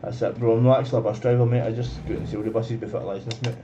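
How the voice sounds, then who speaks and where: Streamer, man, chatty and slangy, mid-pitched, dull lo-fi mic, loud engine noise behind. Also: little pitch movement, racing. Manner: chatty, slangy, calls everyone mate. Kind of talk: casual live-stream chat while driving.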